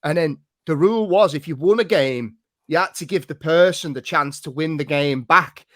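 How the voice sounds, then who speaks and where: A man's voice: on the high side, normal speed, fairly bright tone, no echo, clean studio sound. An English man hosting a podcast in casual, teasing, sweary banter, laughing often. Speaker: podcast host. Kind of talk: casual chat.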